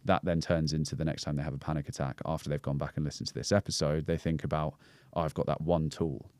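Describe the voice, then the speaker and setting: A man with a Scouse accent and a very low, deep voice, speaking in a casual podcast chat. He explains ideas in a reflective way, full of fillers and restarts. The sound is dry and close. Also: flat delivery, fast, darkish tone, no echo. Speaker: podcast guest, breathwork coach.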